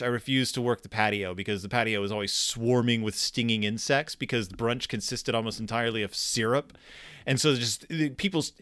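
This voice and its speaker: A man in his thirties tells rambling, self-deprecating stories on his own podcast, often restarting his sentences. His voice is bright and lively and swings widely in pitch. The sound is dry and close, with no room around it. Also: clear, resonant tone, no room sound. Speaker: podcast host. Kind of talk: casual storytelling monologue.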